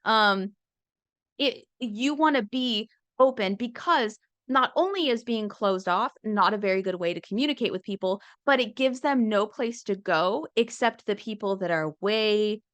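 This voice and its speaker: Woman, wry and conversational, middle pitch, dry close sound. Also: animated, a bit bright, dry recording. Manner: conversational and wry, slipping into quick impressions. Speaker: comedian and speaking coach. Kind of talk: casual talk with acted-out quotes.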